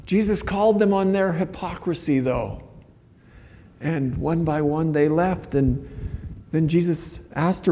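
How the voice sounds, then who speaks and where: A man's voice: on the high side, a little slow, dark tone, big-room sound. A man preaching a sermon as a pastor, earnest and conversational, often restarting his phrases.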